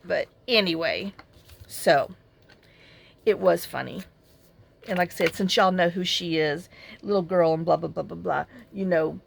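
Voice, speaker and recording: A woman's voice: on the low side, gravelly. A woman craft vlogger chatting casually while she works at her craft table at home, rambling through a story with plenty of fillers.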